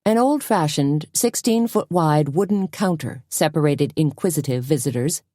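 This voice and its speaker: A woman narrating a cozy mystery audiobook in an even, measured storytelling manner. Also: low-pitched, no echo, studio quality.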